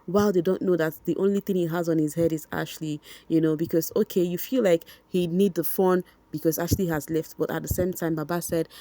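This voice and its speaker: Chatty Nigerian woman with a mellow voice. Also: fairly low pitch, fairly even intonation, fast, few pauses, dry recording. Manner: chatty, addresses viewers directly, repeats for emphasis. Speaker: vlogger. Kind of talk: casual gossip commentary.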